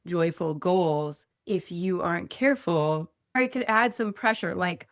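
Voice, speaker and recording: A woman hosting a casual interview podcast. She asks her questions quickly and often laughs along with her guest. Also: lowish voice, dry recording, clean studio sound. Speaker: podcast host.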